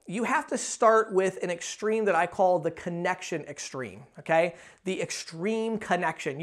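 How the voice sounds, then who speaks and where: A man giving a sales training talk to camera, energetic, acting out sample pitches in shifting tones.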